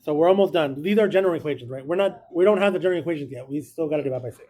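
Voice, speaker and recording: A man with a slightly high, warm voice teaches a math class at a very fast clip. His classroom lecture is casual and encouraging, and he talks through each step aloud.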